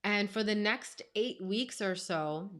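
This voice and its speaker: Chatty, expressive woman life coach. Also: medium pitch, slow pace. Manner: chatty, fills speech with "like" and "you know"; expressive, emphatic retelling. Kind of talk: personal storytelling to camera.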